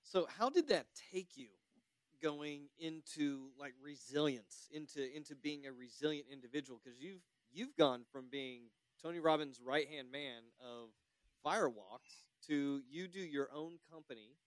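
A man's voice: a little high, unhurried, dry recording. A man hosting a podcast interview, asking a long, rambling question with restarts. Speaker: podcast host.

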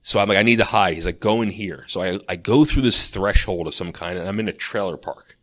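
Male podcast co-host, low voice, loose rambling storyteller in casual chat. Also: a little fast, fairly bright tone. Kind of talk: casual chat, telling a dream.

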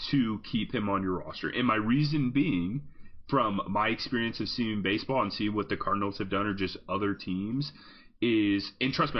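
A man on a sports podcast, making his case in a calm, casual, reasoning way. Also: on the low side, muffled recording. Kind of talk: sports talk.

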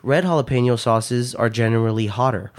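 Man reading facts haltingly on a podcast. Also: mid-range voice. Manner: reads facts haltingly with uh fillers. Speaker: podcast co-host. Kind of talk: casual chat.

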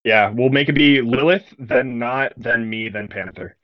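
A man's voice: medium pitch, a little slow, highs cut off. A young man narrating a tabletop game as game master, describing scenes casually and vividly with many fillers.

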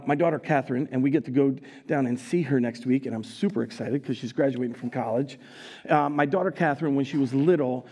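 A man's voice: mid-range voice, a little mellow. A man preaching a live sermon in a church, teasing his congregation and laughing often as he talks. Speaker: pastor. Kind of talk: live sermon with audience interaction. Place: church sanctuary.

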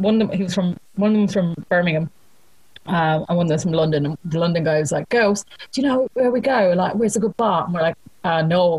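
A young Irish woman in casual chat, telling an animated story, acting out the quotes and laughing often. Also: fairly low pitch, low-quality recording. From Ireland.

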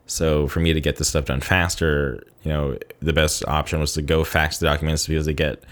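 Low voiced guy rambling thru a story, tons of "like" and "you know". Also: level tone, fairly quick, fairly bright tone. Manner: loose and rambling, heavy on fillers like "like" and "you know". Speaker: vlogger. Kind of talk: casual storytelling to camera.

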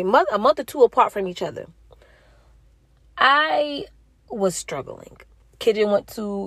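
Woman, 30s, mid-pitch, dry close sound; earnest, expressive testimony for her viewers. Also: no echo. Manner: earnest, preachy, talks straight to the audience; expressive, jumps into high pitch when quoting herself. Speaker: mother sharing a spiritual message. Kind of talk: casual spoken testimony to viewers.

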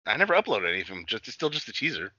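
A man chats loosely on a podcast, swearing freely as he tells stories. His voice is very bright and swings widely in pitch. The recording is dry and dull, like a lo-fi mic. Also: very fast, dry recording. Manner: loose, swearing, animated storytelling. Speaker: podcast co-host. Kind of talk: casual chat.

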